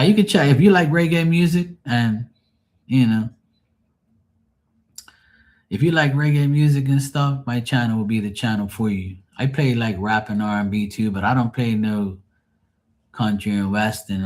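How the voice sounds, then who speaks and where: A man's voice: lowish voice, normal speed, a little mellow. A man chatting casually to his livestream viewers, rambling and swearing freely in a joking way. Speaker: livestream host.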